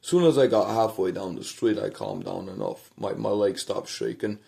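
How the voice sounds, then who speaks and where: A vlogger with a low, mellow, creaky voice tells a personal story to the camera from his home at night, at a moderate pace. He rambles and swears, restarting sentences and sometimes dropping to a murmur.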